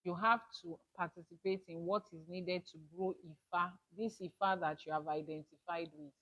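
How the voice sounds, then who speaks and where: With fairly low pitch, fairly even intonation, and a fairly bright tone, this woman talks at normal speed. She's an Ifa spiritual teacher from Nigeria, leading a class emphatically with repetition and rhetorical questions, on dull lo-fi audio.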